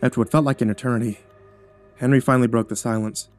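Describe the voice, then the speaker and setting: A man's voice: mid-range voice, steady tone, fast talker, darkish tone. Somber male horror narrator. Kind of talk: scripted horror story narration. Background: faint music.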